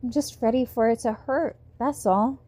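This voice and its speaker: A woman voicing a wry, nervous teenage girl in an audiobook reading, pitched a little higher than her narration. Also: normal speed, dark tone, close to an everyday voice. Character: teen girl, wry and scared but brave.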